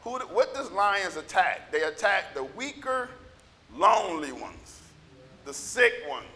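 A man preaching a sermon as pastor, with a scratchy, gravelly voice and impassioned bursts of shouting. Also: high-pitched, big pitch swings, slow. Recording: echoey hall reverb.

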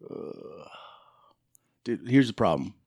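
A man's voice: fairly low pitch, sing-song, slow, darkish tone, breathy edge, no room sound, studio quality. A middle-aged man, the host's older brother, joking and teasing in a casual family chat. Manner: joking, teasing, laughs often.

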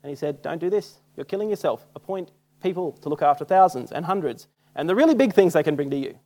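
A man's voice: a little high, lively intonation, quick pace, mellow. A young Australian man preaching a sermon in a casual, self-mocking storytelling way. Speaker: church speaker. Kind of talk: sermon with personal stories.

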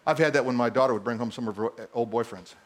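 A middle-aged male pastor preaching a sermon in a church, animated and teasing his congregation. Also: medium pitch, fast, some chatter behind, slight background noise.

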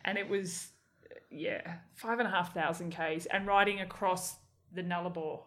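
A young Australian woman hosting a casual interview, chatty and quick to laugh. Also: on the low side, steady tone, fairly bright tone. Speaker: podcast host.

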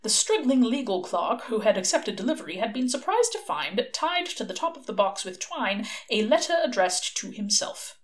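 Female audiobook reader, expressive storytelling, animated pitch. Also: moderate pace, hardly any pauses. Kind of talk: reading a novel aloud.

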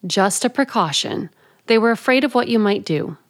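A brisk, firm female attendant from an old radio drama, played by an actress, with a mid-range voice. She gives short, matter-of-fact orders in a reassuring tone. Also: medium pitch, lively intonation, close to an everyday voice. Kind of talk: 1940s radio acting.

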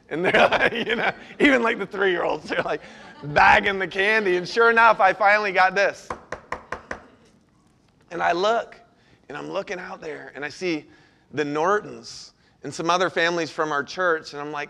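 Male pastor, high bright voice, storytelling sermon with animated asides. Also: normal speed.

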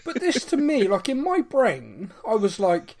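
Lively, ranting podcast host, man. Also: high voice, unhurried. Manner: animated, ranting, jokey. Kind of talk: casual chat.

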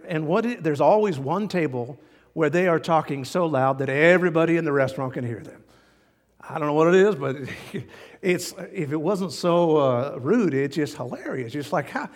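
A man preaching a sermon as pastor, folksy and animated, chuckling now and then at his own jokes. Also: fairly high pitch, normal speed, in a large hall.

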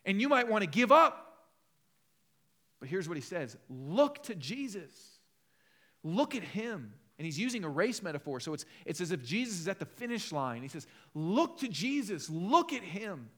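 Passionate high-voiced male pastor preaching. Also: sing-song, normal speed. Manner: passionate, rises to loud emphatic peaks then drops low and conversational. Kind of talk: sermon.

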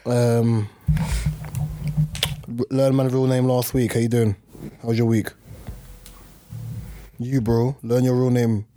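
A man's voice: medium pitch, little pitch movement, takes it slowly, pauses often, mellow. A man hosting a podcast, chatting casually and teasing his co-hosts. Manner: teasing, joking banter. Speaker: podcast host. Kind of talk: casual group chat.

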